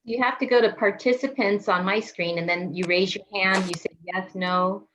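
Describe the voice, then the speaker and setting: A woman's voice: medium pitch, steady tone, moderate pace, fairly bright tone, muffled recording, slight background noise. A woman student in an online class, chatty and playful.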